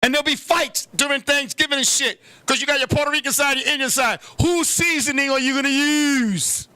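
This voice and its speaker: A man hosting a comedy show, ranting loudly and brashly, swearing freely and sometimes breaking into chants. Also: very high-pitched, brisk, no room sound. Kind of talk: comic rant.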